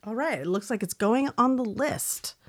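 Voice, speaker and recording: A woman's voice: fairly high pitch, lively intonation, moderate pace. A woman co-hosting a podcast, reading listener emails aloud and teasing her co-host with frequent laughs. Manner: giggly, teasing.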